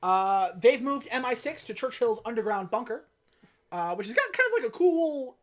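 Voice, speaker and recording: A woman's voice: a little high, very animated, moderate pace. Laid-back woman casually recapping a film. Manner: profane, laid-back storytelling with wry asides. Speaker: podcast host.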